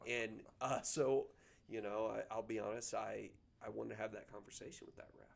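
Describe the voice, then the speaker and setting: Low gravelly coach. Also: male voice, fairly even intonation. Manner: earnest, halting, with frequent ums and restarts. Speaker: high school basketball coach, guest. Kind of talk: casual podcast conversation.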